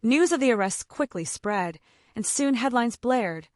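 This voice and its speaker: A woman's voice: fairly high pitch, lively intonation, normal speed, no room sound, studio quality. Woman narrating a dramatic story. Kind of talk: scripted first-person story narration.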